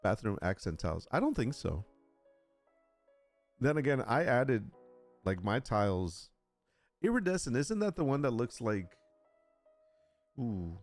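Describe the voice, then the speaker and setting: Lively, chatty male streamer. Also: medium pitch, measured pace, pauses often, no room sound, soft background music. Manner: chatty, reads aloud, jokes with chat. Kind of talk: casual live-stream chat.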